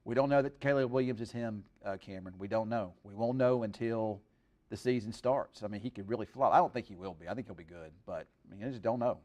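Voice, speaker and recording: Folksy man chatting, low voice. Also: fast talker, a little mellow, highs cut off. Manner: rambling, folksy, many fillers. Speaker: weather streamer. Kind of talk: casual live-stream chat.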